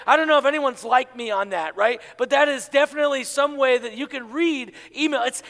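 A man preaching as a pastor, animated, acting out inner voices and asking the congregation to answer back. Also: extremely high pitch. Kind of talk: sermon. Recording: long hall reverb.

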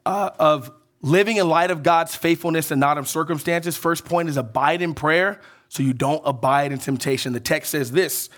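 A pastor preaching in a lively, conversational way, his voice sitting a little high for a man. He leans on quick check-ins with the congregation. His delivery swings between emphatic peaks and soft, quiet drops. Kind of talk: sermon.

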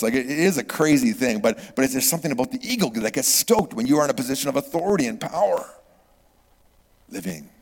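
A middle-aged man preaching a sermon, swinging from loud exclamations to hushed whispers. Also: medium pitch, creaky. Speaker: pastor. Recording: long reverb of a large hall.

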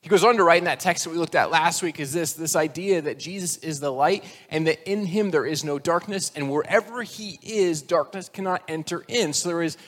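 A man's voice: on the high side, brisk, hardly any pauses, a bit bright, long reverb tail. A man in his forties preaching a sermon as pastor, conversational and self-deprecating, slipping into voiced characters when he tells a joke.

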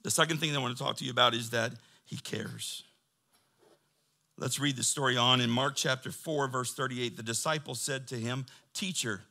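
A man preaching a sermon, moving from quiet storytelling to loud, fervent preaching. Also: mid-range voice, moderate pace, vocal fry. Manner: builds from quiet talk to loud, preaching fervor. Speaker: pastor.

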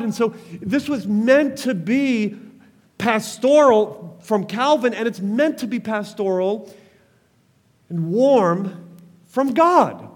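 A man's voice: sits high, expressive, slow pace, long reverb tail. A man preaching a sermon as pastor, passionate, calling on the congregation to respond.

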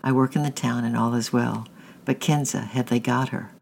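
A man's voice: mid-range voice, fairly even intonation, moderate pace, gravelly, darkish tone, a little hiss or hum, natural voice. A man voicing a brave young village boy who whispers back earnestly.

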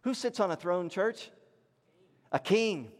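A male pastor preaching a sermon, swinging between raised emphatic lines and low, hushed ones. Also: lively intonation, slow pace, long reverb tail.

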